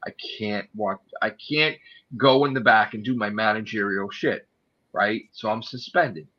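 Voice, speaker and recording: A man's voice: fairly low pitch, unhurried. A man telling a work story in a casual, profane and heated rant. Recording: dull lo-fi audio.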